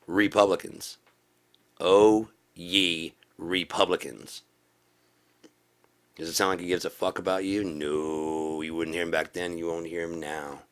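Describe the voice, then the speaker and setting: A man giving a profane political rant in a video blog, repeating himself and rising into preachy shouting. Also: sits low, level tone, fairly quick, hardly any pauses, clean tone. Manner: swearing, repetitive, builds to preachy shouting. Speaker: video blogger.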